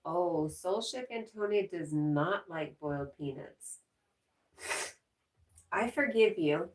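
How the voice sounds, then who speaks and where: A woman's voice: lowish voice, animated, takes it slowly, recorded from a distance. A woman hosting a livestream, chatting casually as she reads viewer comments aloud and laughs often. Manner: chatty, laughs often, talks to her dog. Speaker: livestream host.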